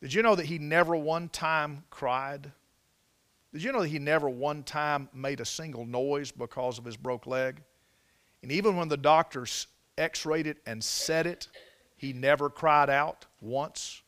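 A man's voice: a little high, unhurried, fairly bright tone. A man preaching a sermon, telling folksy stories with repeated and restarted phrases and building to emphatic peaks on scripture. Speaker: pastor.

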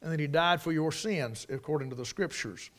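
An emphatic male preacher, delivering a sermon. He hammers and repeats key words for stress. His voice sits a little high for a man. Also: brisk.

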